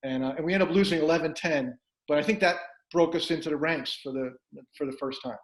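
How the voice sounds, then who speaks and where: A man in his sixties, a former college lacrosse player, telling lively anecdotes to old teammates and acting out his coach's lines. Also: a little high, fast talker. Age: 60s. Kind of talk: animated storytelling among teammates. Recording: roomy echo.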